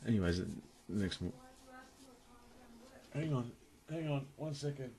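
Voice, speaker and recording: A man's voice: medium pitch, expressive, measured pace, mellow. A young man telling a crude story to his camera at home, rambling and laughing often as he talks. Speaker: vlogger. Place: room at home, indoors.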